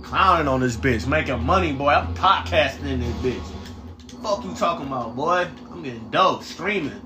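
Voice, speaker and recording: A man streaming a game live, commenting loudly and profanely and trash-talking his teammates in excited bursts. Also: on the high side, normal speed, echoey room.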